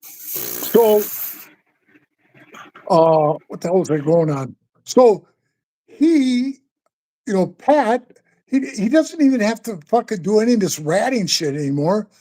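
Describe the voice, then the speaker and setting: An older man, a former biker club member, tells stories as a guest in a casual interview, rambling, swearing, and often calling the listener "bro." His high-pitched voice is warm and very animated, though he speaks slowly with long pauses.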